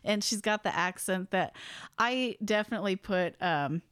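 A woman's voice: mid-range voice, moderate pace, fairly bright tone, clean tone, no echo, clean studio sound. A woman hosting a podcast, chatting casually as she retells a ghost story, often laughing. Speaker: podcast host.

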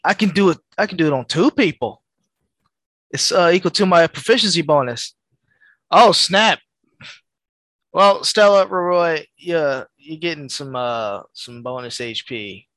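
Bright-voiced man playing a tabletop game. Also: a little high, lively intonation, no room sound. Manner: halting, thinking out loud. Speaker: player. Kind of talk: casual tabletop play.

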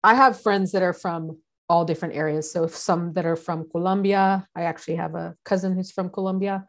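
A woman's voice: lowish voice, fairly even intonation, brisk. A woman from San Diego in casual conversation, explaining her points earnestly. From San Diego, United States.

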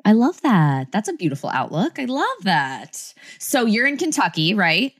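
A woman's voice: mid-range voice, sing-song, moderate pace. A woman with a New Jersey accent hosting a story podcast, gushing and enthusiastic as she interviews a guest. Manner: gushing, enthusiastic, repeats phrases. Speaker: podcast host. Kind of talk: casual interview chat.

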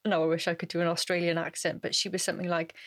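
A woman's voice: lowish voice, little pitch movement, rapid-fire. A woman co-hosting a podcast, giggly and self-mocking in casual chat. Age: 30s. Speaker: podcast co-host.

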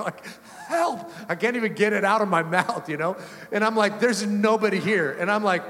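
A male pastor preaching a sermon in a relaxed, conversational way, telling a story with frequent chuckles. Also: on the high side. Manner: conversational, animated, chuckling often. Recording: long reverb of a church hall.

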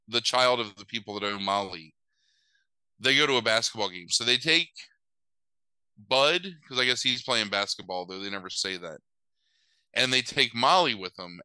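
A man's voice: medium pitch, lively intonation, normal speed, sharp tone, clean tone, no echo, low-quality recording. A young man casually recapping a movie plot, rambling with lots of fillers and wry asides.

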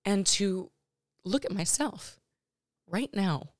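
A woman in her thirties hosting her own podcast, talking personally and emotionally in a halting way with many restarts and fillers. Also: mid-range voice, expressive, no room sound, clean studio sound. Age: 30s. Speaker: podcast host.

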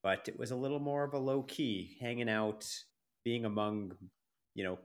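A man's voice: mid-range voice, normal speed. Laid-back Canadian man on a podcast. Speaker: podcast co-host. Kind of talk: casual chat.

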